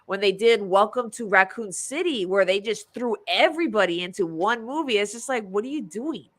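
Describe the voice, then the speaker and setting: Animated, laughing woman podcast host. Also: medium pitch, normal speed. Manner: animated, laughs often, acts out quotes. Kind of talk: casual chat.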